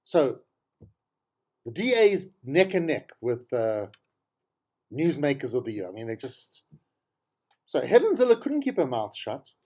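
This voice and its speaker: A man's voice: mid-range voice, very animated, measured pace, long pauses, darkish tone. Sarcastic South African man on politics. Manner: exasperated, sarcastic, repeats himself for emphasis. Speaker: talk show host. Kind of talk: opinionated political commentary monologue.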